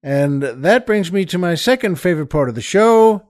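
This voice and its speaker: A man's voice: high-pitched, lively intonation, normal speed, a little mellow, no echo, clean studio sound, faint music behind. A man hosting a comedy podcast, telling a joke in a rambling, folksy way with many hesitations. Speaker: podcast host. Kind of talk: comic storytelling and joke telling.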